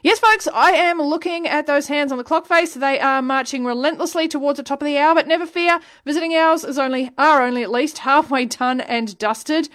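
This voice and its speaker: A woman radio host with a fairly high voice chats easily between records. She is playful and teases herself. She talks to her listeners as if among friends. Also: brisk, few pauses, fairly bright tone. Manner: chatty, playful and self-teasing. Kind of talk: casual radio chat.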